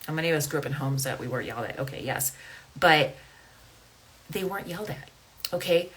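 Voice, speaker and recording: Husky low-voiced woman coach, earnest. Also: animated, brisk, fairly bright tone, poor audio. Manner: earnest, conversational, keeps asking "right?" and "okay?". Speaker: life coach and podcast host. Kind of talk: casual podcast monologue.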